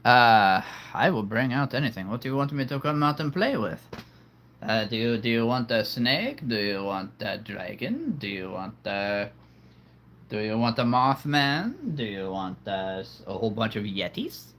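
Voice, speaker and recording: A man's voice: medium pitch, big pitch swings, moderate pace, fairly bright tone, slight background noise. A man hosting a casual livestream, chatting playfully with viewers and laughing at his own jokes. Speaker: livestream host.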